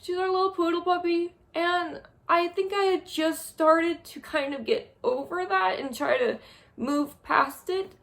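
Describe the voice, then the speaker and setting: A young woman vlogging a monthly review from a small spare room, speaking haltingly and wearily while close to tears. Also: extremely high pitch, creaky, fairly bright tone. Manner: halting, heavy, emotionally drained. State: on the verge of tears. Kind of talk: tearful monthly review vlog.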